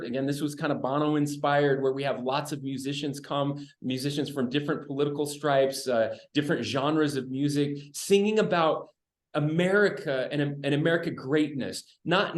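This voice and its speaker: An earnest, hopeful man in his forties speaks with a slightly high voice, often restarting words as he builds his thoughts. His voice carries a noticeable roomy echo. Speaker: state governor as guest. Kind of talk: conversational remarks in a virtual event.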